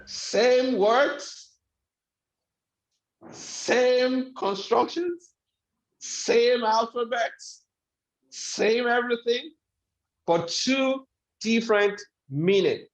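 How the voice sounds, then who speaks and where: A man's voice: very high-pitched, lively intonation, drawn-out words, long pauses. A man giving a motivational webinar lecture, speaking emphatically and repeating his key phrases. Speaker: webinar trainer. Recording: echoey room, dull sound.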